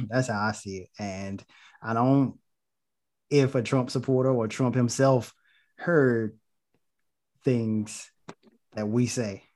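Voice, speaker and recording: A man on a discussion panel, speaking in a measured, deliberate way and stating his view bluntly. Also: medium pitch, fairly even intonation, a little mellow. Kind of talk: casual discussion.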